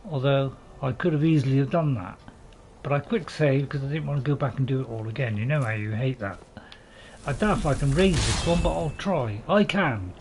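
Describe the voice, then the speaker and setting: A man's voice: mid-range voice, fairly quick, darkish tone, slight background noise. Chatty man narrating gameplay. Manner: chatty and self-deprecating, with dry jokes; hesitant, with many fillers and restarts. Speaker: gaming channel host. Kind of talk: gameplay commentary.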